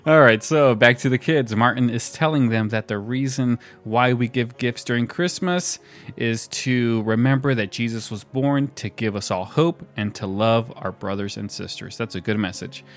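Male co-host, mid-pitched, casual recap delivery, light laughter, faint music bed. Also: moderate pace. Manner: relaxed storytelling with frequent laughs and fillers. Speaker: podcast co-host recapping a sitcom episode. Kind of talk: casual chat.

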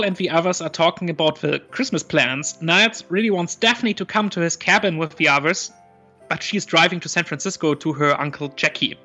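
Brief: male podcast co-host retelling scenes, halting and filler-heavy, slightly high voice, dull lo-fi audio with faint music. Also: pushed and bright. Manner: hesitant, many ums and restarts, retelling scenes. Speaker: podcast co-host recapping an episode. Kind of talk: casual chat.

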